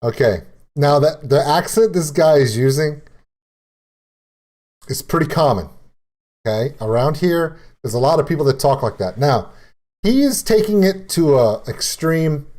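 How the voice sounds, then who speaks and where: A man's voice: a little high, expressive, unhurried, long pauses, a little mellow. A man from Louisiana with a Cajun accent, chatting through a casual reaction stream and laughing often. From Louisiana, Lafayette area. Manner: chatty, laughs often, explains with many "okay"s.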